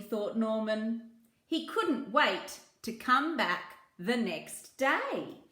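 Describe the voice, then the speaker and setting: A woman reading a children's picture book aloud, slow and gentle, with asides about the pictures. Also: on the high side, big pitch swings, echoey room. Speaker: children's story reader.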